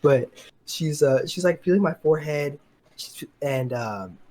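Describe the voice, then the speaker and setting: A man's voice: on the high side, expressive, measured pace, mellow. A young man co-hosting a podcast, telling a long story in a casual, rambling way with lots of fillers and quoted dialogue. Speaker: podcast co-host.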